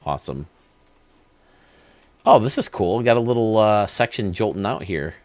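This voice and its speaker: A man's voice: fairly low pitch, expressive, normal speed, no room sound. A man hosting a video game channel, giving casual, enthusiastic commentary that rambles as he thinks aloud.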